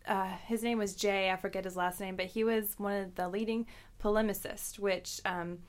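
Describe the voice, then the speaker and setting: A woman's voice: medium pitch, steady tone, moderate pace. A woman from Texas, a guest on a podcast, telling stories in friendly casual chat and laughing often. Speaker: guest, actress and missionary.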